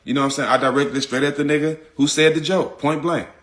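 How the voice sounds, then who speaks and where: A man's voice: a little high, steady tone, quick pace, fairly bright tone. A man talking casually and emphatically to his audience, repeating his points in loose slang. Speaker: public figure speaking out. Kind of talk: casual direct-to-audience talk.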